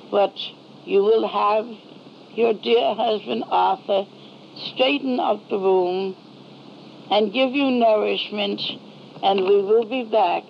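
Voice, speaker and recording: A woman voicing a gentle heavenly mother figure who speaks in slow, solemn, measured pronouncements. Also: medium pitch, gravelly, a little hiss or hum. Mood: consoling. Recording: dull lo-fi old recording.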